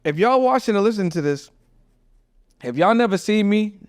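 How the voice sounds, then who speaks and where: Dude hosting a podcast, kinda high voice, lots of slang and "bro", super dry sound. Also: male voice, normal speed, dry recording. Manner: animated, slangy, repeats himself a lot. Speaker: podcast host. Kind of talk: casual podcast chat.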